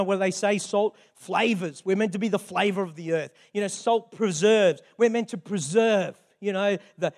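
An older man, a grandfather, preaching a sermon in a chatty, conversational way with frequent asides. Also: high-pitched. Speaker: pastor.

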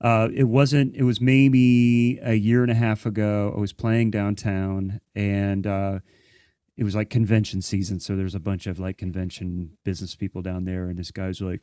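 A man's voice: lowish voice, level tone, moderate pace, mellow, dry recording, clean studio sound. A man from Central Ohio who works as a drummer, telling stories in a casual roundtable chat and acting out other people's voices.

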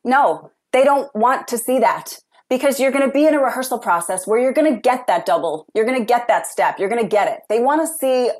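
A woman's voice: a little high, animated, fairly quick, few pauses, a little mellow. A woman who works in stage performing, speaking candidly as an interview guest. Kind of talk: casual interview.

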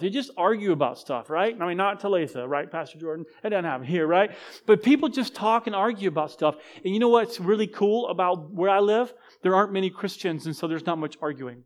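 A man with a fairly high voice delivers a sermon in a church. He talks to the congregation like he's chatting with friends, using humor at his own expense. His sentences often restart midway. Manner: conversational, self-deprecating humor, frequent restarts. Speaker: guest pastor.

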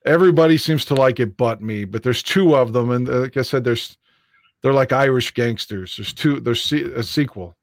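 A man in casual sports chat, excitable and profane, rambling with restarts as he argues his points. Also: medium pitch, normal speed, no echo, clean studio sound. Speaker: co-host of a sports fan show.

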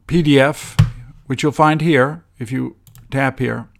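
A man teaching English grammar, walking through example sentences in a measured way with frequent ums. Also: medium pitch, creaky.

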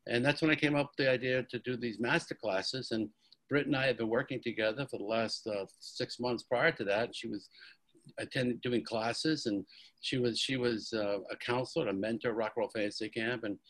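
A man being interviewed as a guest, telling his story in a lively, excitable way and often repeating words as he goes. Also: medium pitch, normal speed. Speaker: guest, company founder. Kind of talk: animated storytelling in a podcast interview.

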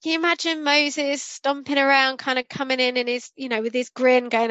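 A woman's voice: high voice, flat delivery, a little fast, hardly any pauses, fairly bright tone, no echo, dull audio. A woman co-hosting a casual podcast discussion, rambling and correcting herself as she goes and acting out what she was thinking. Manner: rambling, self-correcting, acts out quotes. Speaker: podcast co-host.

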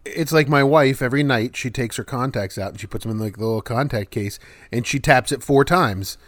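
A man's voice: mid-range voice, fairly quick, no room sound. A man co-hosting a casual podcast chat, rambling with many false starts. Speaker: podcast co-host.

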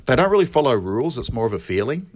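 A young man calling into a podcast, recorded on his phone, talking in an excited, rambling way and laughing often. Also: mid-range voice, fast. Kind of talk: casual chat.

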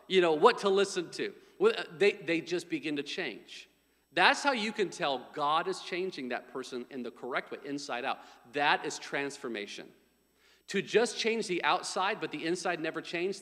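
High-voiced preacher in a reverberant hall. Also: male voice. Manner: emphatic preaching, repeats key phrases, drops quiet for acted prayers. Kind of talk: sermon.

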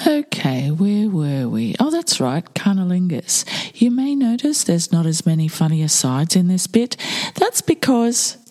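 Brief: wry woman podcast host, casual, dark and husky. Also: fairly low pitch, sing-song, measured pace. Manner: wry, sarcastic asides. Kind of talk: casual chat.

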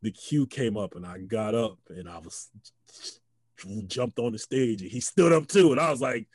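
A young man telling a comic story in a casual chat, laughing often and acting out the people he quotes. His voice sits at a middle pitch. The sound is dry and close. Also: moderate pace, dry recording. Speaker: guest comedian.

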